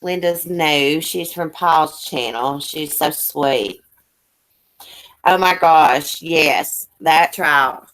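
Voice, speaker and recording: A woman hosts a casual live stream in a low, fairly bright voice, speaking extremely slowly. She chats folksily with her guest and viewers, addressing chat viewers by name.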